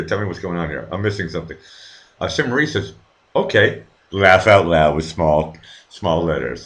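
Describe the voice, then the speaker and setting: A man's voice: lowish voice, fairly bright tone. A middle-aged man hosting a live stream, rambling casually, swearing freely and reading viewers' chat aloud with many fillers and restarts. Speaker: livestream host.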